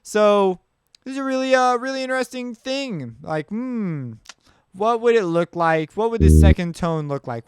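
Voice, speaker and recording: A man's voice: sits high, fairly bright tone, clear, resonant tone, dry recording, studio quality. A man teaching sound basics in a loose, chatty tutorial, thinking aloud as he works. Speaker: music production teacher. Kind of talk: casual screen-share tutorial.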